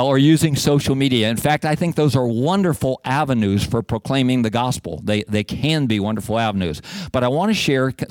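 A man's voice: medium pitch, no echo, studio quality. A middle-aged man preaching a sermon as pastor, in a conversational, folksy way with many fillers and restarts. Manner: folksy and self-deprecating.

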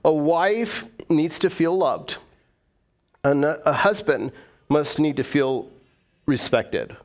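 Middle-aged male pastor, fairly high voice, chatty joking sermon delivery. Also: expressive, slow pace. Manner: conversational, joking, acts out inner voices. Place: church.

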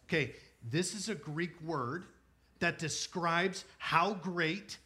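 Male pastor in his thirties, sermon delivery, bright and forceful, higher-pitched, leads the congregation in call and response. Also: animated, takes it slowly. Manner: swings from quiet storytelling to emphatic near-shouting; asks the congregation to repeat words.

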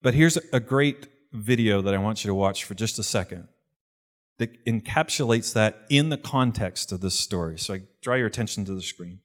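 A pastor giving an earnest, conversational sermon. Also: male voice, fairly low pitch, normal speed.

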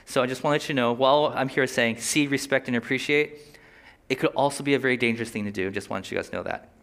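A man preaching a sermon in a relaxed, conversational way, with quick asides and short laughs. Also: medium pitch, vocal fry. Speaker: pastor.

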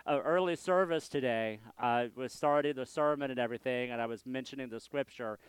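A man's voice: medium pitch, fairly quick, smooth, dry recording. A male senior pastor giving a conversational, self-deprecating sermon from a church sanctuary, with frequent restarts.

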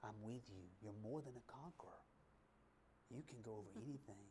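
A preacher whispering as a tender, loving God. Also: male voice, medium pitch, brisk, slight background noise, pitched below the performer's own voice, close to an everyday voice. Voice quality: hushed, breathy whisper. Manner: soft, tender, comforting promises. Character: gentle loving God, male, close and reassuring. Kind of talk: whispered role-play.

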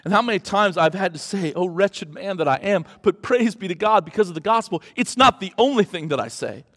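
Pastor guy preaching, highish voice, big echoey church hall, goes quiet then loud. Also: animated, fairly quick. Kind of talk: sermon.

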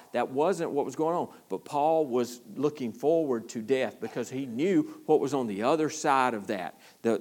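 High-voiced preaching pastor, lilt. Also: male voice. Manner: animated preaching with frequent restarts, rising emphasis. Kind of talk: sermon.

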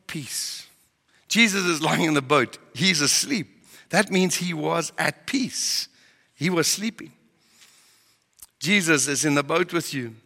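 Male pastor preaching; emphatic questions, bright voice, reverberant hall sound. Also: fairly high pitch, measured pace, vocal fry, pauses often. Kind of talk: sermon.

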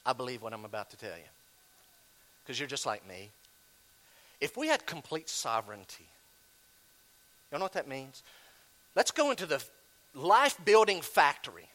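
A male pastor delivers a sermon in a high, bright voice. He preaches with lively swings of pitch, and he moves between loud, emphatic bursts and quiet, hushed asides.

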